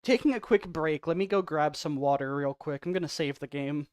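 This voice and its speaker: A male game streamer chatting away to his viewers. He rambles and pokes fun at himself, with a smooth, clear voice. The sound is dry and close. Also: on the high side, fairly quick, no room sound. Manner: rambling, self-deprecating; soft-spoken off stream. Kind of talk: casual livestream chat.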